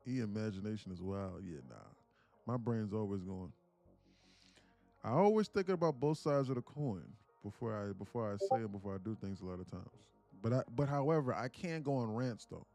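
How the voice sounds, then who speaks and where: A man's voice: lowish voice, expressive, a little fast, vocal fry, mellow, faint music behind. A man, a live-stream day trader, chatting casually and profanely, joking and reading viewers' comments aloud. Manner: joking, profane, slangy, reads chat aloud.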